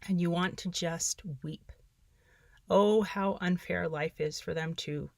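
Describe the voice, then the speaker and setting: Middle-aged woman host, low-ish voice, earnest and soft, dry close sound. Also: fairly even intonation, takes it slowly, creaky, no room sound. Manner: earnest, soft-spoken, with wry laughs. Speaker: podcast host. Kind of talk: reading journal entries and sharing tips.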